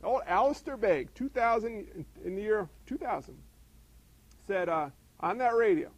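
A middle-aged man preaching from the pulpit with a high, gravelly voice. He talks to the congregation like a friend, peppering the sermon with quick rhetorical questions. The sound is dry and close, with no room echo. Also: animated. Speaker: pastor.

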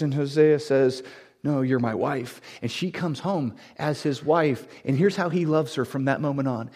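A man preaching a sermon to a congregation, building to loud, emphatic, repeated lines. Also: fairly high pitch. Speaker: pastor.

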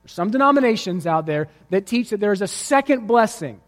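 A man's voice: high voice, animated, brisk, in a large hall. A male pastor preaching a sermon to his congregation, telling a vivid story and driving his points home with emphatic repetition. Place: church sanctuary before a congregation.

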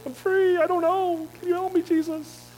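A man voicing a frightened woman who pleads in a halting, stammering rush of words. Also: very high voice, level tone, darkish tone, a little hiss or hum, pitched above the performer's own voice, rough recording. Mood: frightened pleading. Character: frightened pleading woman, long ill, desperate.

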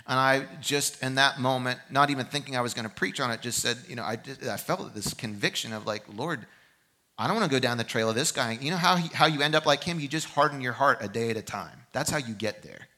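Male pastor, sermon delivery, bright and forceful tone, middle pitch, shifts between loud urging and soft reflection. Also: brisk. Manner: impassioned preaching that swings from loud exhortation to quiet reflection. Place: church service.

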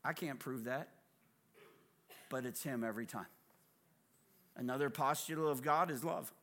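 A man preaching a sermon as a guest speaker, dramatic and humorous, moving from hushed asides to shouting. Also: medium pitch, moderate pace. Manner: humorous, conversational storytelling.

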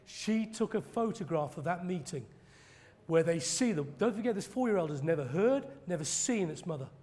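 A man preaching a sermon, telling stories dramatically and acting out quoted preachers in loud high bursts. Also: lively intonation, moderate pace. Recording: long hall reverb.

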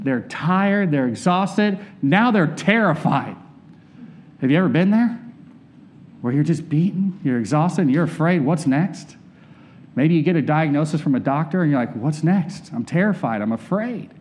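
A man with a fairly high voice delivers a relaxed, conversational sermon. He speaks candidly from personal experience and keeps turning to his listeners with questions. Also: unhurried. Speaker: preacher.

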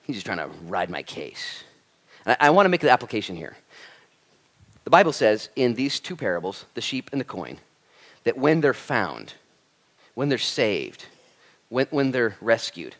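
A man's voice: medium pitch, moderate pace. A man preaching as a pastor, talking energetically and conversationally to his congregation. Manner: energetic, conversational preaching with animated quoted asides. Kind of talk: sermon.

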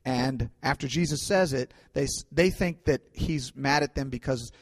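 A man's voice: medium pitch, moderate pace. Man preaching in a reverberant hall. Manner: conversational storytelling with fillers, swings between loud and quiet. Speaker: pastor. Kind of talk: sermon.

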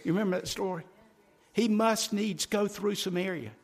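Folksy preacher man, slightly high voice. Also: moderate pace. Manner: dramatic, swinging from loud to hushed; folksy, addresses congregation directly. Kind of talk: sermon.

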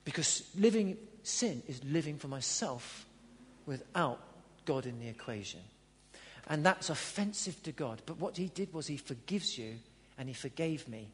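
A man preaching a sermon in a church hall, earnest, swinging between loud emphatic lines and quiet low ones. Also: lively intonation, moderate pace, slight background noise. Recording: long hall reverb.

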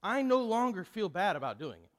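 Role: man playing apologetic customer. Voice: high male. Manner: stammering, pleading, repeating himself. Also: big pitch swings, a little fast, a faint crowd.

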